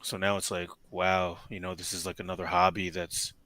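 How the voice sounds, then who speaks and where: A man chatting casually as a guest, talking in a relaxed, rambling way. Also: low voice, fairly quick, no room sound. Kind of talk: casual chat.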